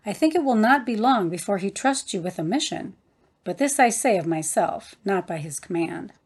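A woman's voice: mid-range voice, animated, normal speed, breathy edge. Kindly elder brother, earnest, encouraging, storybook reading, woman reader.

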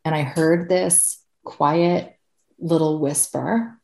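A woman's voice: deep voice, normal speed, a little mellow, roomy sound. A woman in her thirties, a podcast guest, telling her own story candidly, swearing freely and laughing often.

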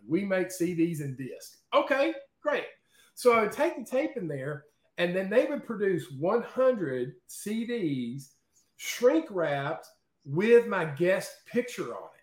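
A man guest in an interview, telling stories in a lively, chatty way and often checking in with "okay?" and "right?". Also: sits high, reverberant. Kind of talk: casual storytelling in an interview.

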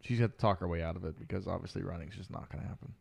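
Low gravelly man, dry teasing chat. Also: racing. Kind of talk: casual chat.

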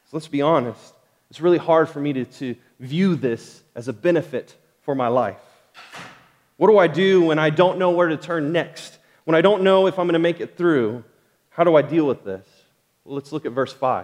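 A man's voice: a little high, moderate pace, a little mellow. A man preaching a sermon as pastor, earnest and conversational, asking the congregation rhetorical questions. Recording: long hall reverb.

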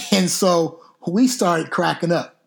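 Middle-aged football coach hosting a podcast. Slow, drawn-out storyteller who curses mildly, with a voice a bit higher than most men's. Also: male voice, vocal fry. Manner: unhurried, drawn-out delivery with mild cursing. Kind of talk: casual storytelling.

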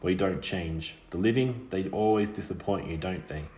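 A man voicing a sharp-tongued ghostly witch girl in an audiobook reading. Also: low voice, normal speed, reverberant, close to an everyday voice. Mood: scolding.

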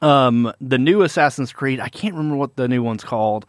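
A man's voice: mid-range voice, lively intonation, brisk, dry recording, clean studio sound. A man hosting a casual gaming podcast, rambling with many fillers and restarts. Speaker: podcast host.

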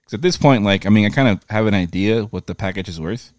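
A man's voice: on the low side, quick pace, no echo. A man casually telling a profane story in a chat, acting out the people in it. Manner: profane, animated retelling with quoted voices.

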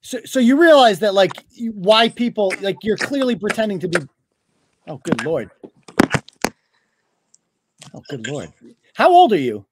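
A man's voice: sits high, very animated, unhurried, long pauses, background noise. A man hosting a talk show, needling his guest with mocking questions. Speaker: host. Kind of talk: confrontational talk show interview.

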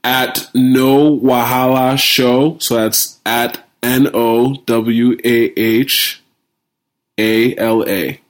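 A man co-hosting a casual podcast with a friend. He jokes easily, his pitch sits in the middle, and he slows down to spell out names letter by letter. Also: fairly even intonation. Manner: playful, jokey, spells things out slowly. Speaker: podcast co-host.

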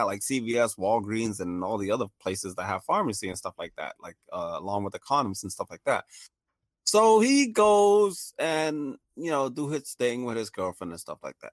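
A man's voice: mid-range voice, no echo, clean studio sound. Laughing man telling a story. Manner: laughs often, acts out quoted voices. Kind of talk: casual storytelling chat.

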